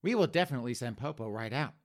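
A man playing a prim emergency operator who speaks in a hushed, overly polite way. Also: medium pitch, lively intonation, very fast, lightly acted.

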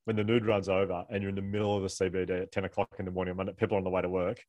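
Australian male guest, low-ish, fast talker, animated raconteur, dry recording. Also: dry recording. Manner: animated, laughing storyteller with fast rambling delivery. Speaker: author and guest. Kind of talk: casual storytelling interview.

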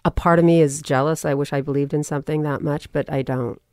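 A woman's voice: low voice, fast talker, dry recording. A woman from California, a podcast guest, telling a personal story in casual talk and acting out what people said. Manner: animated storyteller, quotes people in voices.

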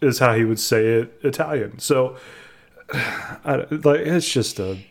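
A man's voice: medium pitch, creaky. A man co-hosting a casual podcast chat about a game, talking in a rambling, exasperated way. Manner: exasperated, rambling, quick laughs. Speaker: podcast co-host.

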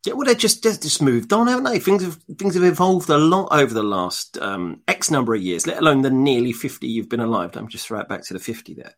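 A man's voice: medium pitch, big pitch swings, fast talker, few pauses. A man co-hosting a casual chat, dropping dry, teasing quips. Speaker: podcast co-host.

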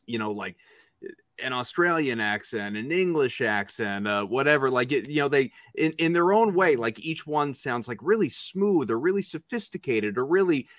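A man from the South Shore of Massachusetts, a radio host guesting on a podcast, chatting casually in a smooth broadcaster's voice. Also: medium pitch, animated, normal speed, fairly bright tone, dry recording, clean studio sound. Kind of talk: casual chat.

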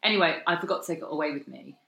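A woman's voice: sits low, racing, gravelly, sharp tone. A woman from South East London co-hosting a podcast in casual chat, wry and joking. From South East London, England. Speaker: podcast co-host. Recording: roomy echo.

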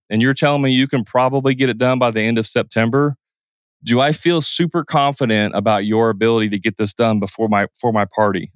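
A man hosting a podcast who talks casually, often speeding up or slowing down his speech and doing quick voices to make a point. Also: no echo, clean studio sound. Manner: shifts pace and pitch to illustrate, with quick impressions. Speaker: podcast host. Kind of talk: casual solo podcast talk.

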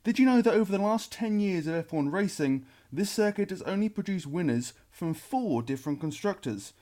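A man's voice: high-pitched, brisk. A man hosting a podcast, setting up a question for his co-host. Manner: lively, questioning lead-in. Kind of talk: podcast introduction.

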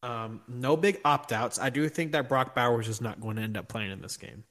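A man's voice: mid-range voice, moderate pace, fairly bright tone. A man co-hosting a casual sports podcast, joking and hyped as he runs through the matchups. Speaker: podcast co-host.

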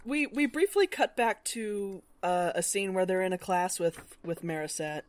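A woman's voice: mid-range voice, expressive, moderate pace, a little hiss or hum. A young woman co-hosting a podcast, chatting casually about a book and rambling with lots of ums and likes. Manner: rambling, many fillers. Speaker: podcast co-host. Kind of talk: casual book-club chat.

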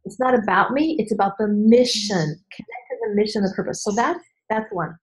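A woman business coach in a candid podcast conversation, animated and emphatic, acting out voices and repeating key phrases. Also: mid-range voice, fairly quick, hardly any pauses, rough recording. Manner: animated, acts out voices and inner dialogue.

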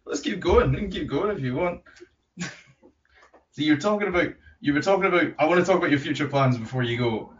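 A man hosting a casual interview, eager and quick to laugh. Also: on the high side, lively intonation. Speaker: podcast host. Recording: distant dull lo-fi sound.

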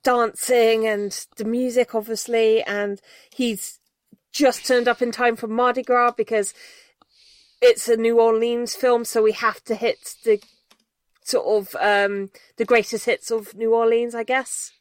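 Relaxed woman co-host, slightly high voice. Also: a little slow, no room sound. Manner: relaxed, thoughtful, explaining at length. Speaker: podcast co-host. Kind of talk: casual film discussion.

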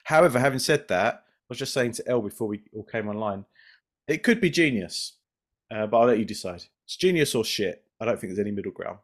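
Wry, low-voiced man. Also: animated, fast. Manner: wry, joking. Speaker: podcast co-host and writer. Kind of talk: casual chat.

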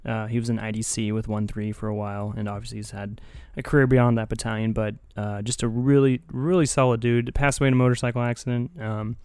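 A man's voice: fairly low pitch, little pitch movement, fast, hardly any pauses, a little mellow, clean tone, no room sound, clean studio sound. Laid-back man telling a story. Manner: laid-back, laughs often, swears casually. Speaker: podcast host. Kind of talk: casual storytelling chat.

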